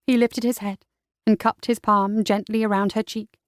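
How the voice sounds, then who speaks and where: A woman narrating a romance audiobook in an intimate, unhurried way. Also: mid-range voice, level tone, no echo, clean studio sound.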